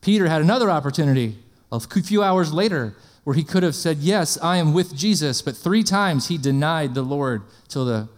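Lively, higher-pitched male preacher. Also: normal speed, few pauses. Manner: energetic, conversational, asks the congregation questions, jokes. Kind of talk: sermon.

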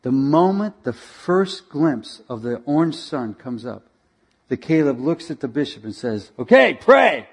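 A male preacher telling a dramatic story in a sermon, animated and directing slides as he goes. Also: medium pitch, unhurried, husky.

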